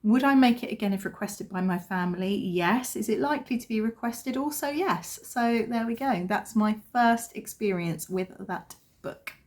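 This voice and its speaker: A woman's voice: a little high, expressive, moderate pace, few pauses. A woman in her thirties, a vlogger chatting casually and telling a family story with self-deprecating humour. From England. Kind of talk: casual chat.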